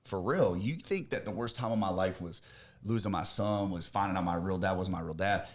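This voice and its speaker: A young man from Florida talking on a podcast, brash and boastful, swearing a lot and swinging from loud bragging to quiet worry. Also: low-pitched, brisk. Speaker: podcast host, business owner. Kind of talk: casual chat.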